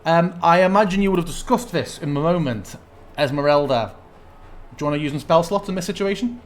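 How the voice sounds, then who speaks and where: A man's voice: fairly high pitch, brisk. A man narrating a tabletop game as game master, thinking aloud as he checks rules.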